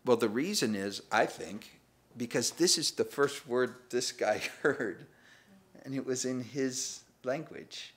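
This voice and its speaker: Taking his time, a pastor with a medium-pitched voice preaches in church. He talks in a chatty, self-deprecating way, putting on little voices for comic effect and laughing at the text.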